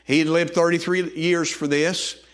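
A man's voice: fairly high pitch, flat delivery, unhurried. A man preaching a sermon as pastor, folksy and loose, with frequent restarts and repeated words.

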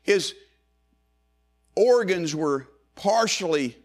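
A man preaching a sermon, swinging from loud rising calls to hushed low phrases and repeating lines in a building cadence. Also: lively intonation, drawn-out words.

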